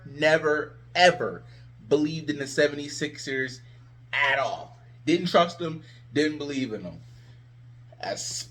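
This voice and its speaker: A man ranting about his team in a sarcastic, exasperated vlog. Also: mid-range voice. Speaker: sports vlogger. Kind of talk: ranting fan commentary.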